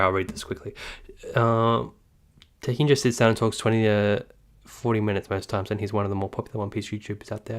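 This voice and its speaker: A man's voice: fairly low pitch, a bit bright. A man hosting a casual live stream who rambles, apologizes often, jokes and keeps interrupting himself.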